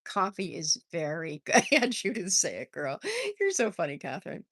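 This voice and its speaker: An older woman hosting a casual livestream, chatting warmly and reading out viewer comments between laughs. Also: fairly low pitch, big pitch swings, normal speed, no echo, clean studio sound. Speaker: livestream host. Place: home, on a porch.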